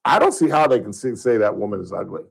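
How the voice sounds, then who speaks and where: A man's voice: on the low side, big pitch swings, quick pace, vocal fry, husky, rough recording. Rambling joking talk radio host, man. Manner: rambling, joking, chuckling at his own jokes. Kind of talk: casual talk radio monologue. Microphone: studio microphone.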